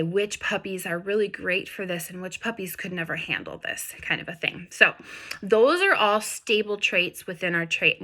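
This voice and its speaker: A woman's voice: medium pitch, pushed and bright. A woman dog breeder explaining in a chatty, casual way, with lots of examples.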